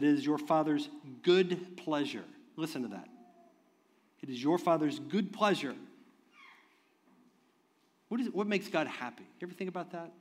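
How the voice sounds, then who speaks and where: A man preaching a sermon as pastor, moving from soft, tender talk to loud, fervent preaching, with chuckles along the way. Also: fairly high pitch. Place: church sanctuary. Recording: long reverb of a large hall.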